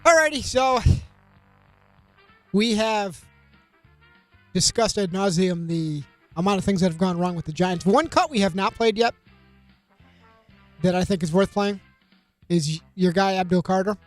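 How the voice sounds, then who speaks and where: A man's voice: high voice, animated, measured pace, pauses often, no echo, faint music behind. A man working as a sports radio producer, setting up topics in a wry, upbeat way. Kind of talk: casual sports radio banter.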